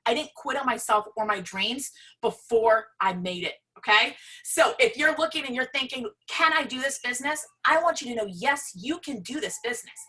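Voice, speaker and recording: A woman giving a passionate, emphatic motivational pitch about her business. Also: animated, normal speed, hardly any pauses, pushed and bright, slightly rough. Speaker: presenter sharing her business story.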